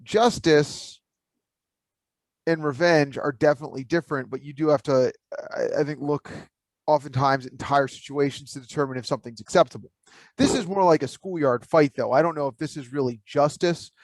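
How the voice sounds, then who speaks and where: A man's voice: on the high side, a little fast. A man co-hosting a podcast in casual chat, laid-back and rambling, thinking aloud with lots of fillers. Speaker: podcast co-host.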